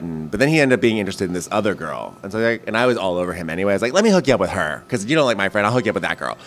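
Comedian guy chatting casual, lots of restarts, low voice that jumps around. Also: big pitch swings, racing, few pauses, a little hiss or hum. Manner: rambling storyteller with many restarts. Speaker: guest comedian. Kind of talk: casual podcast chat.

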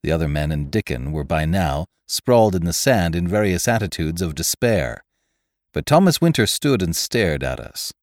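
A man reading a classic adventure tale aloud as narrator, measured and expressive. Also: low voice, dry recording, clean studio sound. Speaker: podcast narrator. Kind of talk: scripted audiobook narration.

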